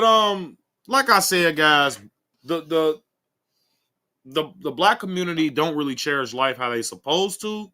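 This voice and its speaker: A man's voice: fairly high pitch, pushed and bright. A man hosting a casual commentary video, rambling and saying "guys" and "um" often. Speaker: commentary channel host.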